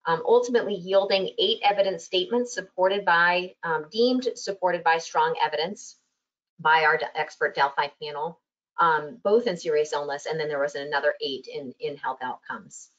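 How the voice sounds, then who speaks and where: Woman presenting research on a video call, lowish voice, lots of um, dull audio. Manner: halting, frequent ums. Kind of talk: webinar presentation.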